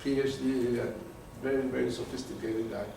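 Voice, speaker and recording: A man giving a live talk to an audience, animated and often repeating words as he searches for terms. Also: mid-range voice, moderate pace, vocal fry, slight background noise. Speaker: presenter. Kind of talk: live lecture with audience questions. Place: meeting room with an audience. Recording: very echoey room from far off.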